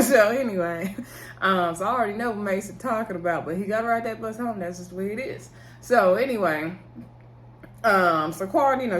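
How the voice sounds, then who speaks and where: A woman's voice: mid-range voice, slight background noise. A woman casually recapping a reality show episode, chatty and slangy, laughing and acting out what people said.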